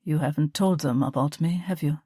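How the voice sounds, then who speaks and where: Woman reading a smooth, controlling young German man. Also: sits low, moderate pace, no room sound, studio quality. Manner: smooth, wheedling, with a sharp edge.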